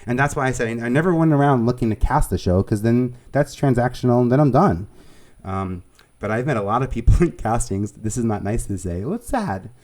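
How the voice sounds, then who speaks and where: A man with a New York accent, a producer and casting director, chatting as an interview guest in an animated way, laughing easily and restarting his sentences. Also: medium pitch, a little fast. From Staten Island, New York. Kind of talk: conversational storytelling.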